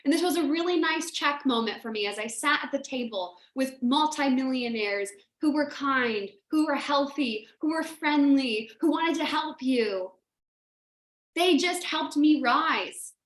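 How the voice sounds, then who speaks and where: A woman's voice: high voice, animated, measured pace, roomy sound. A woman hosting a motivational livestream for her clients, talking straight to viewers in an emphatic, repetitive and emotional way. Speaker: business mentor hosting a livestream.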